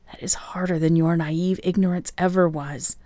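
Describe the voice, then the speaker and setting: A guarded young werewolf man speaks low and tight, his words dropping toward a whisper, as a woman reads him aloud. The voice sits on the deeper side and the recording is close and dry, with no room around it. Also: steady tone, normal speed, mellow, dry recording, lightly acted. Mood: brooding. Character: brooding young adult male werewolf, intense and guarded.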